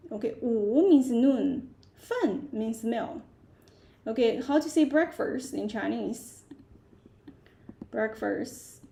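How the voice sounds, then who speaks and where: A woman runs a live Chinese lesson at a very slow, patient pace. Her voice is mellow with a gravelly fry, and she repeats each word again and again. She lingers on each tone. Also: fairly high pitch, lively intonation. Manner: slow, repeats each word many times, stresses tones. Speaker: Chinese teacher. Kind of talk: live-streamed language lesson. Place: live stream set-up at home.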